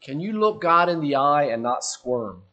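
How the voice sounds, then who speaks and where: A man preaching a sermon, earnest and questioning, letting his voice drop softly at the ends of phrases. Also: a little high, very animated, normal speed, lo-fi sound.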